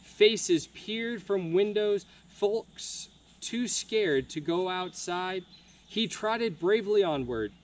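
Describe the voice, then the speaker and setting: A young man reads a children's picture book aloud at an unhurried pace. His voice sits high and swings up and down a lot, warm storytime delivery with a lively lilt. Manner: expressive, slow storybook reading. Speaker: camp counselor.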